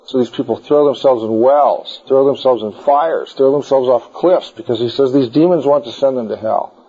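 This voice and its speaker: A man's voice: medium pitch, moderate pace, dark tone, husky. A man teaching a group about the Bible in an informal, digressive style, full of anecdotes, in a dull lo-fi recording.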